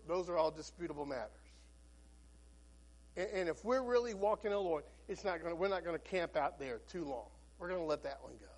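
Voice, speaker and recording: A man's voice: sits high, fairly bright tone. A man preaching a sermon as a Baptist pastor, folksy and storytelling, with frequent restarts.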